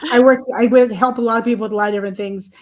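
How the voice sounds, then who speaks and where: Her voice, a little high with fairly even intonation, moves at a quick pace. An older woman and author, she's a podcast interview guest who rambles through her story chattily, full of fillers and small laughs.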